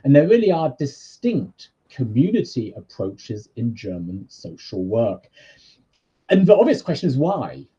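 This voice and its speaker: A British man gives a conversational, explanatory talk over a video call. His voice is dark and slightly husky, with a lively rise and fall. The sound is dull, like compressed online audio. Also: mid-range voice, unhurried. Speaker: university lecturer. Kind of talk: live-streamed lecture.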